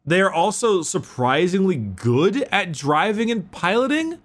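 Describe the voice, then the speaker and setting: A man's voice: high voice, very animated, a little slow, fairly bright tone. A man co-hosting a casual podcast chat, explaining game lore eagerly and swearing freely. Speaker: podcast co-host.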